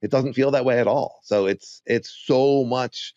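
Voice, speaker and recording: A man's voice: mid-range voice, a little slow, warm tone, no room sound. A man co-hosting a casual podcast, talking in an upbeat, rambling way with many restarts. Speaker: podcast co-host. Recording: slightly dull, dry sound.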